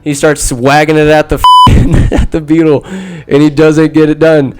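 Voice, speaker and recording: A man hosting a podcast, telling a movie recap in a rambling, animated way and acting out the characters' lines. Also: fairly high pitch, moderate pace. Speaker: podcast host. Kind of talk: casual solo movie recap.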